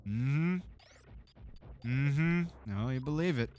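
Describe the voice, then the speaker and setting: Taking it slowly in an expressive, medium-pitched, slightly mellow voice with a clean tone, a Texas man chats through a live game stream. He's relaxed and profane, laughs a lot, and throws in joking asides.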